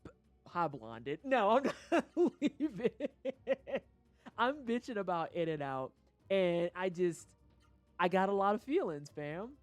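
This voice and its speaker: A woman's voice: fairly low pitch, slow, no echo, soft background music. A woman from St. Louis streaming a game, ranting casually with lots of swearing. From St. Louis, USA. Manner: animated, profane, ranting. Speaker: livestreamer. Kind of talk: casual rant on a gaming stream.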